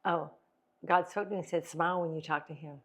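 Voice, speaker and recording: A middle-aged woman co-hosting a casual faith and wellness talk show, animated, acting out tones of voice and laughing often. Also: low-pitched, a little fast. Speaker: podcast co-host.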